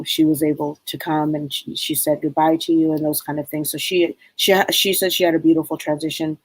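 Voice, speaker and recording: A woman with a fairly low voice gives a live psychic reading. She talks in a reassuring way and says her key lines twice. The sound is dry and close, with no room echo. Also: darkish tone. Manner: reassuring, repeats her phrases. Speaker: psychic medium.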